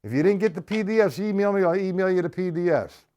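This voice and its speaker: A man teaching drum technique on a live stream. His pitch swings up and down as he talks, animated and chatty. He repeats himself and keeps asking whether his viewers are following. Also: fast talker, lo-fi sound. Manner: animated, conversational, repeats points, checks in with viewers. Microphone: live stream camera mic.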